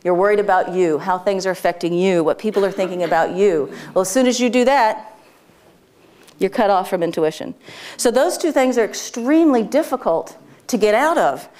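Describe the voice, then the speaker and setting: A woman's voice: medium pitch, animated, moderate pace, a little mellow. A woman presenting a live workshop to an audience, chatty and informal, with lots of fillers and restarts and frequent laughter. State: tearful.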